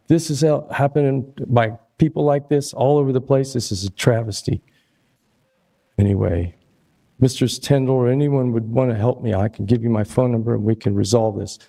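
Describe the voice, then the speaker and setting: A man's voice: mid-range voice, creaky, dark tone. An older man giving a rambling, aggrieved public comment at a podium microphone in a city hall meeting chamber. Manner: rambling and aggrieved, loses his place. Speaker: resident making public comment.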